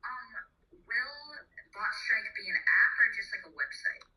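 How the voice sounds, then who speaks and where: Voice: medium pitch, animated, measured pace, bright, forceful tone, husky, rough recording. A young team member in a casual Q&A who teases the host and interrupts. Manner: teasing, interrupts. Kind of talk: casual banter.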